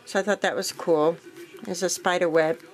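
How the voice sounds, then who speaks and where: Rambling low-voiced woman crafter. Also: normal speed, low-quality recording. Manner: relaxed, rambling with frequent fillers and self-corrections. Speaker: crafting vlogger. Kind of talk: casual show-and-tell walkthrough.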